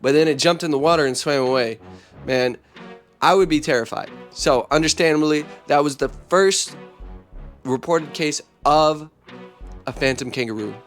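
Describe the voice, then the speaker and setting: A man hosting a comedic vlog in an energetic, joking, slangy way. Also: a little high, moderate pace, soft background music. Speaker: host.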